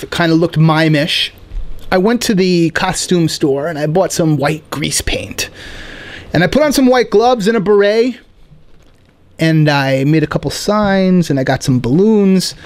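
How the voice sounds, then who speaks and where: Male podcast host, higher register, playful comic storyteller. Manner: animated, playful, quick asides like "right?". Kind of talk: casual storytelling monologue.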